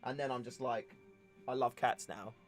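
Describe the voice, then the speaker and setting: A man's voice: mid-range voice, steady tone, normal speed. A young man hosting a casual livestream, chatting and joking in a rambling way. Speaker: livestream host. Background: faint music.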